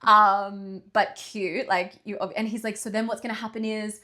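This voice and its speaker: A woman's voice: medium pitch, moderate pace. A young woman co-hosting a podcast, telling a story in casual chat, acting out the voices of the people in it. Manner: animated, acts out quoted voices, swears casually. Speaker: podcast co-host.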